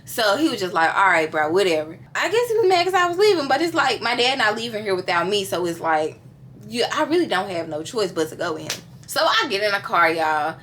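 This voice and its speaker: A young woman in her early twenties tells a story straight to her viewers. She is lively and chatty, and her voice is bright and crisp. Faint background noise sits under the recording. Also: mid-range voice, a little fast. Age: early 20s. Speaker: vlogger. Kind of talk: casual storytime.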